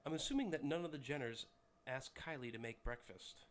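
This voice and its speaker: A man's voice: medium pitch, fairly quick. A man casually reading jokes aloud at home to his young son, adding wry asides. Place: home, by a high chair.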